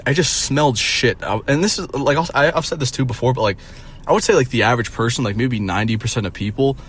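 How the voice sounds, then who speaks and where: A man's voice: on the low side, slight background noise. A young man in his twenties, a streamer telling a rambling, profane story in a mocking, incredulous tone. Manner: profane, rambling, with many fillers. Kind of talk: casual storytelling rant.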